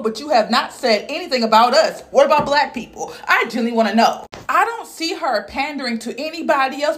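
A woman vlogger delivering ranting commentary, indignant and confrontational, speaking straight to the person she criticizes. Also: fairly high pitch. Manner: indignant, confrontational, addresses her target directly.

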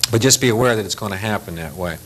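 A man's voice: fairly low pitch, very fast, slight background noise, low-quality recording. An older man delivers a safety lecture to pilots in a blunt, folksy way. He speaks plainly and acts out the people he quotes. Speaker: aviation safety instructor. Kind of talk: lecture briefing.

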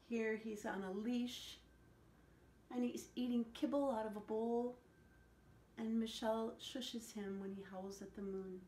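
A woman telling a picture-book story to children, animated and asking them questions along the way. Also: on the high side, a little slow. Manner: animated, asks the listeners questions. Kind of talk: picture-book read-aloud. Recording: echoey room.

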